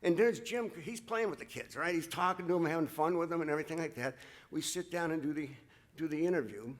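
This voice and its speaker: Man at a podium presenting an honoree, emotional and halting, talks to the crowd directly. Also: on the high side. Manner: halting, with frequent restarts, addresses the crowd as folks. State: emotional, voice catching. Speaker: ceremony speaker presenting an inductee. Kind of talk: emotional ceremony speech to an audience.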